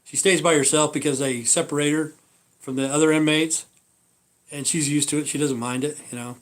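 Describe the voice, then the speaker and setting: A man's voice: a little high, fairly even intonation, a little fast. A man hosting a live stream, telling stories in a meandering, profane way. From Idaho. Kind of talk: rambling casual live-stream chat.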